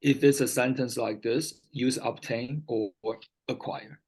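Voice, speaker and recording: A man's voice: medium pitch, steady tone, a little slow, darkish tone, breathy edge, rough recording. A man tutoring English one-on-one, patiently repeating key words and often checking whether his student understands. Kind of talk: one-on-one vocabulary lesson.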